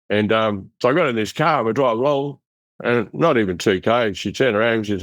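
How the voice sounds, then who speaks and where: A middle-aged Australian man telling his life story in an interview, in a rough, blunt, animated way, acting out the voices of people he quotes. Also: fairly low pitch, quick pace, no echo. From Western Australia. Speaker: interview guest. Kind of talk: casual storytelling.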